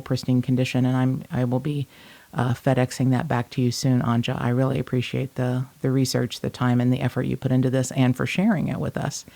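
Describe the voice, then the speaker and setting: Gravelly-voiced woman podcast host. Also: rumbling low, warm tone. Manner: blunt, salty storyteller. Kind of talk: casual true-crime podcast chat.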